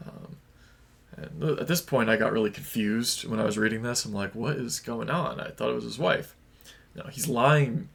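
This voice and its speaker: A man's voice: medium pitch, moderate pace, gravelly, fairly bright tone. A young adult man casually retelling and reviewing a play, chatty, informal and opinionated. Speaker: book reviewer.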